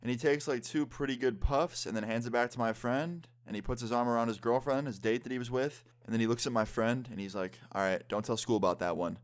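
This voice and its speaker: A man's voice: medium pitch, fast, few pauses. A man in his twenties telling a story-time vlog in a casual way, swearing often. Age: 20s. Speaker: vlogger.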